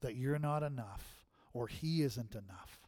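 A man's voice: medium pitch, a little slow, darkish tone. A man preaching a sermon in a church, talking in a conversational way and often checking in with the congregation, then leading a closing prayer. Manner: conversational, keeps asking the crowd "right?".

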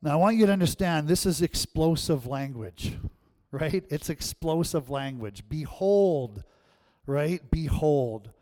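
A man preaching a sermon as pastor, animated and often checking in with the congregation. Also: on the high side, a little slow.

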